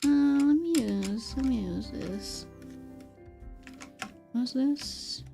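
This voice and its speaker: With music playing, the young woman talks very slowly in a high, creaky voice as she draws on stream. Her chat is casual and rambling, full of laughter and fillers.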